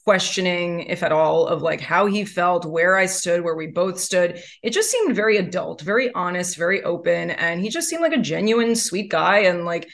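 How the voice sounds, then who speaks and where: A woman guest talks through her story in a candid, chatty way, leaning on "like" again and again. Her voice carries a steady vocal fry with a gravelly edge. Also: lowish voice, moderate pace, hardly any pauses. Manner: chatty, heavy use of "like" fillers.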